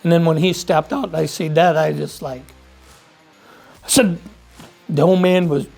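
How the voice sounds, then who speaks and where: Gravelly, fairly high-voiced man from Michigan, folksy plain talker, soft music underneath. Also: steady tone, a little slow. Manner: plainspoken, folksy, repeats himself. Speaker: hunter telling his story. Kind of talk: casual storytelling.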